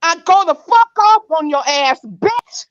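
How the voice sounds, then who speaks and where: A woman's voice: very high-pitched, expressive, a little slow, dry recording. Furious profane woman on muffled audio. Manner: angry, profane call-out. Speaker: panelist. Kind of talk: live online panel chat.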